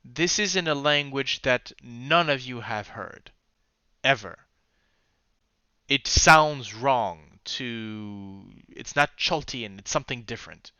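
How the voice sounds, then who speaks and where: A man running a tabletop game, speaking slowly and hesitantly as he searches for words. His voice is bright and clear. The audio is dry and a little muffled. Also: mid-range voice, expressive, no echo. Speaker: game master.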